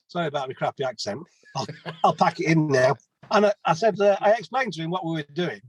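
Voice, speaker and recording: A man's voice: fairly high pitch, animated, fast talker, breathy edge, no room sound, poor audio. Chatty plumber in his fifties. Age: 50s. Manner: chatty storyteller, many restarts. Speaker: guest, plumber. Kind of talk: casual podcast interview.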